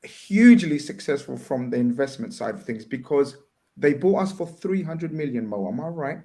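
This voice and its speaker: A man hosting a casual football fan chat, talking in halting restarts and asking leading questions. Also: mid-range voice, animated, warm tone. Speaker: host.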